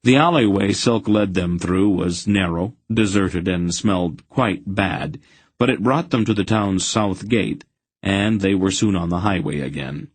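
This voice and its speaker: A man narrates a fantasy audiobook in a steady, even read. His voice is very low and slightly husky. The recording is dry and close, with no room sound. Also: measured pace, dry recording. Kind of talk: scripted narration.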